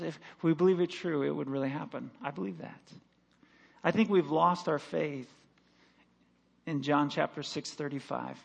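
A man pastor delivering a sermon, swinging between loud, slow declarations and quiet, quick asides. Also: on the high side, creaky, slightly rough.

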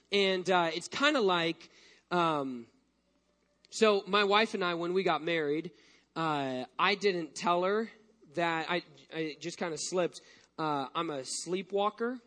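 A man preaching a sermon as pastor, telling a personal story with lively energy and frequent restarts. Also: high voice, slow.

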